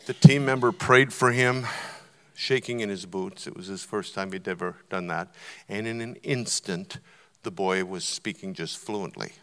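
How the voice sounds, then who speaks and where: A man's voice: low voice, moderate pace. Man preaching in a reverberant church hall. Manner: storytelling, rising to loud emphatic preaching. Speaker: visiting preacher. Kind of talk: sermon. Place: church auditorium.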